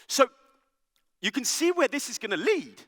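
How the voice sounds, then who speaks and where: Lively bright-voiced man on stage. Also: very high-pitched, normal speed, big-room sound. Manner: animated, joking, conversational with frequent "right?". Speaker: conference speaker. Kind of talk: keynote talk. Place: large conference hall.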